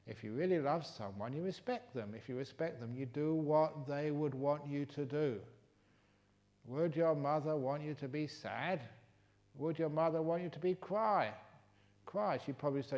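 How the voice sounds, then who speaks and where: Genial older English monk giving a talk. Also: male voice, fairly high pitch, normal speed. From England. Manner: humorous, teasing, then gentle and reflective. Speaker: meditation teacher answering questions. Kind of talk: retreat Q&A talk. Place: retreat hall.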